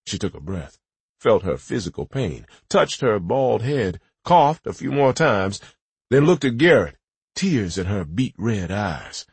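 A man's voice: fairly low pitch, very animated, takes it slowly, slightly rough, no room sound. A man narrating a story in first person with dramatic, vivid delivery. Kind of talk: audiobook narration.

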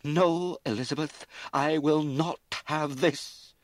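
A man's voice: fairly low pitch, expressive, moderate pace, fairly bright tone, no room sound, pitched above the performer's own voice. A fretful, imperious lady of the house, scolding her daughter in a raised, pinched voice, as a male narrator puts her on. Her tone swings wide, from wailing to bitter reproach. It sounds like a dry, close audiobook reading. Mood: furious. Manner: wailing, scolding, rising to fury. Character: aristocratic middle-aged mother, anxious and bitter.

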